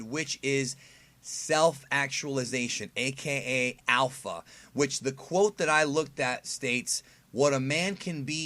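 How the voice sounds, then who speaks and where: A man talking straight to his viewers in a loose, casual explainer. He rambles with enthusiasm, stops and restarts his sentences, and leans on fillers as he works through his point. His voice sits at an ordinary middle pitch. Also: a bit bright. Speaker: YouTube host.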